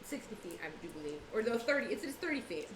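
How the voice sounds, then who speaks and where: A woman playing a tabletop game, eager and quick to giggle. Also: on the high side. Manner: giggly, excitable. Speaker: player. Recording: echoey room with noise.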